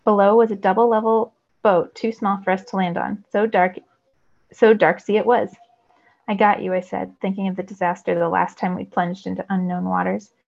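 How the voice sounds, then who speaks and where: Gravelly woman reading a novel aloud. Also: medium pitch, normal speed, dull audio. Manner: expressive storytelling. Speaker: teacher.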